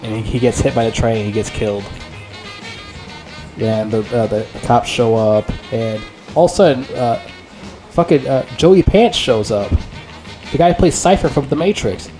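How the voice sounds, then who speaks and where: Rambling, excitable man swearing freely. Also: mid-range voice, moderate pace, pauses often, faint music behind. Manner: rambling, profane, excitable, heavy use of filler words. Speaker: movie reviewer. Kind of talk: casual unscripted movie review.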